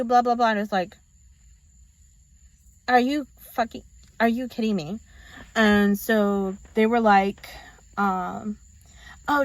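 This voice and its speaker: A woman's voice: mid-range voice, dry recording. Young woman ranting, dry close mic. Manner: exasperated, ranting about roommates. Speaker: vlogger. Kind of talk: casual storytelling.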